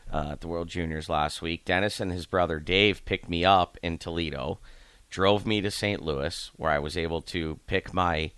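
Deep-voiced coach telling rambling stories. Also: male voice, fairly bright tone, smooth, no echo. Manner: rambling anecdotes, acts out voices of people in his stories. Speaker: hockey coach. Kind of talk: casual storytelling interview.

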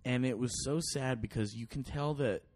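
A man's voice: medium pitch, moderate pace, darkish tone. A man telling a long story on a podcast in casual chat, swearing often, restarting sentences and acting out other people's lines. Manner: profane, rambling with restarts and acted-out quotes. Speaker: podcast guest.

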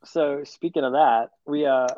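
A man's voice: medium pitch, a little slow, darkish tone, highs cut off. A man co-hosting a casual podcast, telling a story in a teasing, dry way. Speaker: podcast co-host. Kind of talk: casual chat.

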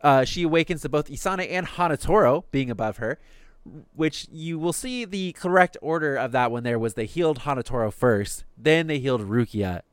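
A man's voice: mid-range voice, animated, a little fast, clear, resonant tone, no echo. A man casually recapping anime episodes on a podcast, cursing freely and slipping into the characters' lines. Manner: swears casually, acts out quotes in passing.

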